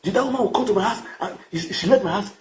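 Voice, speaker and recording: A man's voice: high-pitched, very fast, slight background noise. A man with a Nigerian accent ranting to camera in a boastful, crude, mocking way, repeating his phrases. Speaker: vlogger.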